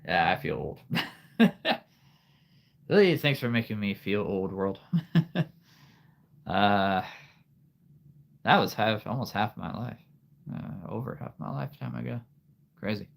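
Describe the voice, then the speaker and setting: Brief: low-voiced livestream host, thirties, halting and unhurried. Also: male voice, animated, gravelly. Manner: rambling, halting, laughs often. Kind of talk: casual live-stream chat.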